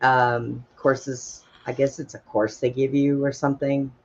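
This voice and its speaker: A man's voice: mid-range voice, level tone, a little slow, slight background noise. A man spins casual personal stories in a blunt, folksy way, swearing easily and laughing at his own tales. His voice sits in an ordinary middle register. The sound is dull and lo-fi, like an online call. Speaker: open mic storyteller.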